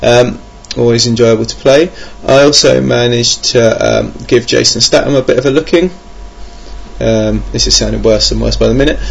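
Gravelly podcast host. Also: male voice, mid-range voice. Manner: rambling, self-mocking, many ums. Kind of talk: casual podcast monologue. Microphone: home computer mic.

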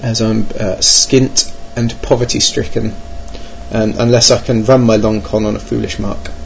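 A lowish male voice with vocal fry and little pitch movement moves at a moderate pace. The speaker, an English board game vlogger, rambles hesitantly through his plans for gaming, mocking himself wryly between lots of ums. It's a dull, lo-fi recording with faint background noise.

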